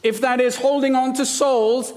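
A man's voice: very high voice, fairly even intonation, normal speed, darkish tone. A man from India preaching a sermon, mixing scripture readings with playful, jokey asides. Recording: long hall reverb.

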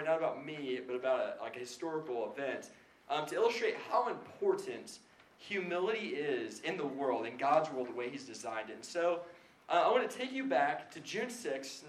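A young man giving a casual sermon-style talk to a live audience, chatty and self-deprecating with lots of "like" fillers. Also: a little high. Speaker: speaker at a Christian gathering. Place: hall before a live audience. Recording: echoey room, faint background noise.

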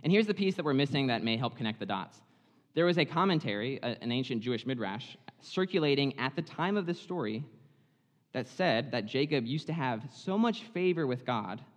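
A man preaching in a chatty, animated way, dramatizing the story as he goes. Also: medium pitch, a little fast, in a large hall. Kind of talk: sermon, conversational Bible storytelling.

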